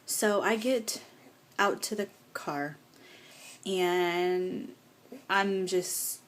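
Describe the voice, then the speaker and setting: A young woman speaks in a lowish voice, stretching out her words as she tells her birth story in a casual home vlog. She nurses a baby while she talks, and she's emotional and rambling, full of fillers and tearful at times.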